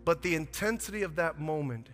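A pastor delivers his sermon in a high, bright, forceful voice, moving between quiet confessional storytelling and loud, impassioned preaching. His words ring out with the long reverb of a large hall, and soft music plays faintly beneath. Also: expressive, a little fast.

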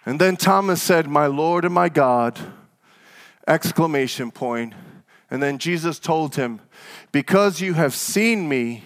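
A man preaching a sermon as pastor, telling stories and calling on the congregation for an amen, at times rising into loud, fervent exhortation. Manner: fervent preacher with call-and-response; rises to loud, high exhortation.

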